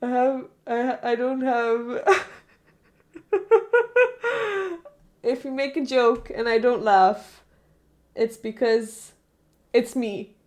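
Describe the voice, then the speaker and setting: A woman's voice: on the high side, animated, very slow, long pauses. A woman streamer chatting casually with her viewers, rambling and often stopping herself mid-thought. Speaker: live streamer. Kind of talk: casual live-stream chat.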